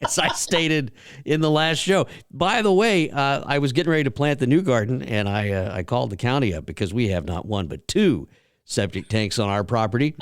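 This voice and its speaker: Folksy host, dry close sound. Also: male voice, medium pitch, expressive, a little fast, clear, resonant tone, dry recording. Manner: folksy storyteller, rambling with many fillers. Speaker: radio show host. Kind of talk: casual radio chat.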